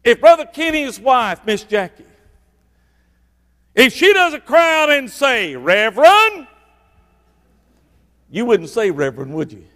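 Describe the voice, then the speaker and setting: High-voiced preacher in a reverberant hall. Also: male voice, a little slow. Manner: animated, swings from loud to hushed for emphasis. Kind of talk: sermon.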